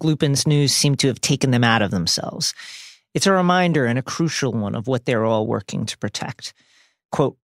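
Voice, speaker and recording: A man's voice: medium pitch, vocal fry, no echo, clean studio sound. A man co-hosting a podcast, reading a scripted book recap with wry, joking asides. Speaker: podcast co-host.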